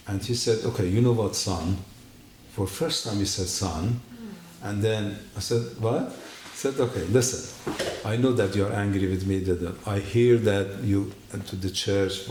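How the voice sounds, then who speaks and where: A man giving his personal testimony at a church, telling his story in an animated way and acting out the dialogue. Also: lowish voice, slight background noise. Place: church hall. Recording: echoey room.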